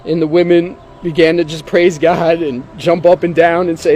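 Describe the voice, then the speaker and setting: A man's voice: a little high, steady tone, normal speed, few pauses, darkish tone. A man telling his own conversion story in an earnest, emotional way. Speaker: testimony speaker. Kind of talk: personal testimony.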